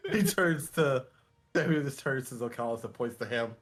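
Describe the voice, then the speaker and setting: A man playing a tabletop game, describing his character's actions in a relaxed way. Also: mid-range voice, normal speed. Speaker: player.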